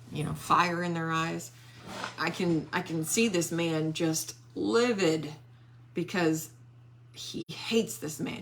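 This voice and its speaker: Slow-paced woman retelling a Bible story. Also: fairly low pitch. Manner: animated storytelling with quoted character voices. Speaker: Bible study teacher.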